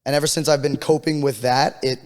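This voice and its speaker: A man's voice: mid-range voice, fairly even intonation, brisk, a little mellow, long reverb tail. A man co-hosting a podcast in casual chat. He is laid-back, swears freely and repeats words for emphasis. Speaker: podcast co-host.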